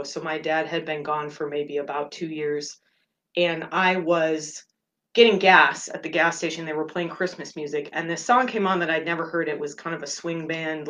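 A woman with a low voice talks softly and openly, as a meditation host sharing something personal. She sounds middle-aged and gentle, and her voice is close to tears at moments. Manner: gentle, candid, openly emotional. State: tearful at moments. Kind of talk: personal reflective talk.

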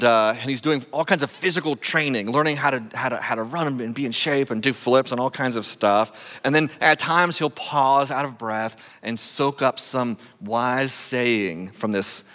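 Joking pastor in an echoey hall. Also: male voice, mid-range voice, bright, forceful tone. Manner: conversational and joking, with frequent uh fillers. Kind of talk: sermon. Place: church sanctuary.

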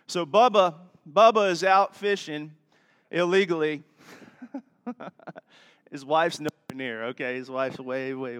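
A man's voice: a little high, fairly bright tone, clear, resonant tone. A man preaching to his church congregation, folksy and chatty, with friendly asides to the audience. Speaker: pastor. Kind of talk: sermon with jokes. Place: church sanctuary. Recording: long church reverb.

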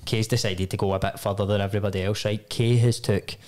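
Sweary Glaswegian lad telling stories. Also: male voice, on the low side, little pitch movement, fast, a little mellow. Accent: Glaswegian Scottish. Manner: sweary, rambling storyteller full of "like" and "mate". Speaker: podcast host. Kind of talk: casual chat, anecdote telling.

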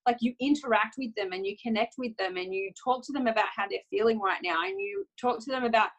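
A young adult woman photographer talking casually, lively and often acting out quoted self-talk with laughs. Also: on the high side, fast talker, poor audio. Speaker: photographer guest. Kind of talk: casual conversational chat.

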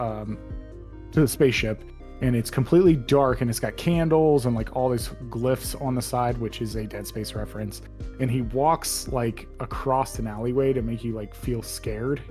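A man's voice: medium pitch, moderate pace, a little mellow, faint music behind. Rambling young man recapping a game. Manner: rambling, many fillers and restarts. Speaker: podcast co-host. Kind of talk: casual chat.

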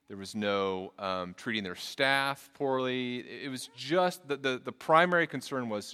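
A man's voice: mid-range voice, pushed and bright. A middle-aged man preaching a sermon as pastor in a church, earnest and conversational, often restarting his sentences. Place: church sanctuary. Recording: long reverb in a large hall.

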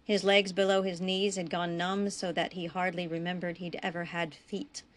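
A woman reading her own western story aloud in a measured, even narration. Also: fairly low pitch.

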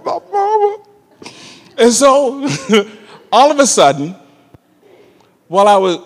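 A man preaches with a high, soaring voice that swings widely up and down. He punctuates his story with emphatic calls of "amen" and "come on" to the congregation. A long church-hall reverb hangs on every phrase. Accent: African American church preaching. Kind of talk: sermon with personal storytelling.

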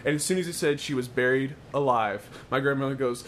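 A young man in casual chat, telling a story with animated bursts and loud laughing exclamations. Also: mid-range voice, brisk, hardly any pauses.

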